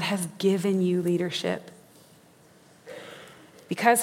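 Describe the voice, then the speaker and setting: A woman preaching a sermon, folksy and animated, acting out quotes as she tells stories. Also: on the low side, normal speed, gravelly, long pauses, slight background noise. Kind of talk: sermon with storytelling. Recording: reverberant hall.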